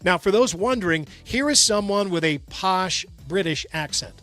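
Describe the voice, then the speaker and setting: A man's voice: high-pitched, animated, normal speed, fairly bright tone, soft background music. An American man hosting a radio show, reading odd news items and adding jokes in casual chat. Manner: reads news items with joking asides.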